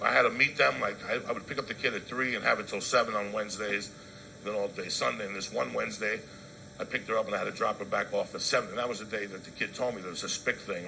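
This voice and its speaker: Gravelly New comic, profane and loud. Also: male voice, noisy background. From New Jersey. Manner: profane, swinging from loud outbursts to low asides. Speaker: comedian. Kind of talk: stand-up storytelling.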